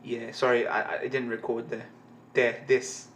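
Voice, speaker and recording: A man's voice: mid-range voice, completely flat delivery, unhurried, a bit bright, slight background noise. A man streaming a live comic reading who swears constantly, laughs and rambles. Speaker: reaction streamer.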